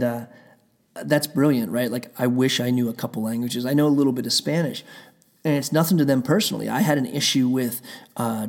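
A man telling a heated, rambling story in a casual rant, swearing often and circling back on himself. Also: medium pitch. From Pennsylvania.

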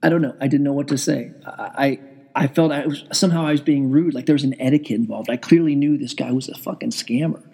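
A man with a gravelly, husky voice tells a story in a loose, rambling way. His tone is dark and mellow, and he swears freely and pokes fun at himself. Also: medium pitch, fast talker. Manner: rambling, profane, self-deprecating. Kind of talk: casual storytelling vlog. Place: indoors at home with TV on.

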